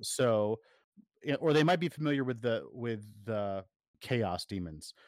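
This man speaks in a mid-range, expressive voice with a touch of mellowness, taking his time as he co-hosts a podcast. His talk is loose and rambling, full of fillers and false starts, captured dry in a clean studio.

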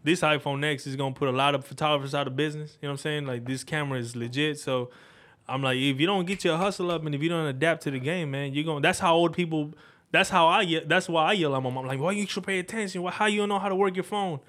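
A man's voice: on the high side, steady tone, quick pace, a bit bright. A man from Mexico, a shop owner and cook, chatting as a guest in a casual interview, slangy and profane, rambling with plenty of restarts.

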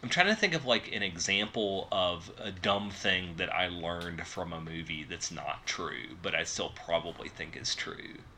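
Bright-voiced man, rambling casually. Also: low voice, a little slow, hardly any pauses, slight background noise. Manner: rambling, filler-heavy. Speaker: podcast co-host. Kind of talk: casual chat.

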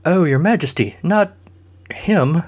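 A man's voice: on the high side, expressive, takes it slowly, darkish tone, breathy edge, pitched above the performer's own voice, heavily acted. A man voicing a whiny, fussy male court sorcerer in a comic story. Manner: whining, pleading.

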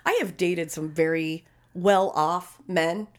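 A woman's voice: lowish voice, takes it slowly. A woman co-hosting a casual chat, telling a story in a blunt, emphatic, profanity-laced way. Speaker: podcast co-host.

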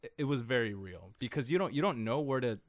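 A man's voice: medium pitch, animated, fast talker, no room sound. A man co-hosting a podcast, talking about a film in a hesitant way, often stopping and starting again. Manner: hesitant, many restarts. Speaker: podcast co-host. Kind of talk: casual film discussion.

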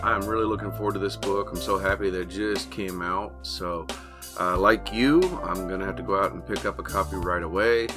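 A man's voice: low-pitched, steady tone, a little fast, over music. A man hosting a podcast, wrapping up with enthusiastic remarks and a few filler uhs. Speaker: podcast host. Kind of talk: podcast outro.

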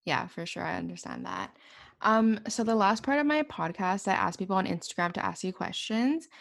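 A young woman from Canada, hosting a podcast and asking her guest questions in a casual, relaxed chat. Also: medium pitch, moderate pace, vocal fry. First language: English. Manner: relaxed, asks questions, frequent "like". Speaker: podcast host.

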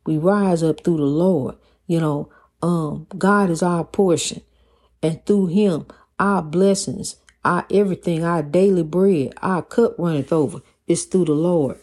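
Mellow-voiced woman preaching encouragement. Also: fairly low pitch, unhurried. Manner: preachy, repetitive, calls listener honey. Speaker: spiritual vlogger. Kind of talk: inspirational monologue.

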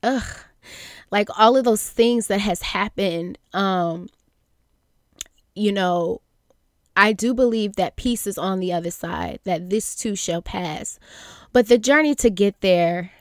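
Slow, earnest young woman, faith podcast host, smooth clear voice, dry close sound. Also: mid-range voice, no echo. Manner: earnest, halting, many fillers and restarts. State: near tears at times. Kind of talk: reflective faith podcast monologue.

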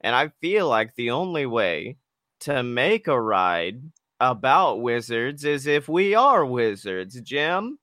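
A man's voice: mid-range voice, bright, forceful tone, no echo, clean studio sound. A man co-hosting a podcast, joking playfully and swearing freely in casual chat. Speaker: podcast co-host.

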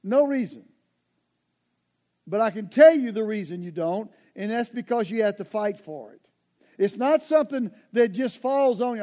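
A man's voice: sits high, lively intonation, normal speed, dark tone. A man preaching a sermon in a conversational, emphatic way, often turning straight to his listeners.

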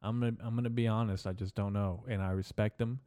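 Brief: male podcast host, rambling profane comic rant, mellow dark tone. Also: on the low side, fairly even intonation, fast, clear, resonant tone, no echo, studio quality. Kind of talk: casual comedic rant.

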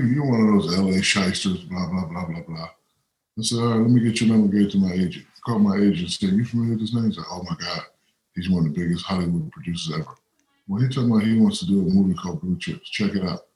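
Brief: deep male guest spinning anecdotes, roomy echo. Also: a little mellow. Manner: rambling anecdotes with quoted voices. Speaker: interview guest. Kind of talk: casual storytelling.

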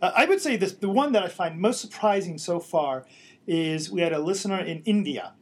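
A man's voice: high-pitched, lively intonation, breathy edge. Bawdy joking male podcast co-host. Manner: bawdy, joking, quick asides. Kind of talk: casual banter.

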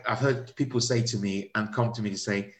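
Halting male comedian, chatty. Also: fairly low pitch, steady tone. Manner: halting, repeats words, laughs often. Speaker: comedian guest. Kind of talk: conversational interview.

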